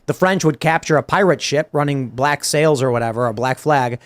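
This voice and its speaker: A man hosting a political talk show, arguing in an emphatic, rapid way. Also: mid-range voice. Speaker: host. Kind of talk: casual political chat.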